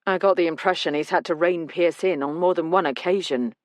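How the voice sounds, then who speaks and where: Brief: woman reading a steady policeman, low-ish, measured briefing tone, dry recording. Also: no echo, close to an everyday voice. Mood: matter-of-fact. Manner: measured, explanatory. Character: calm male police detective husband.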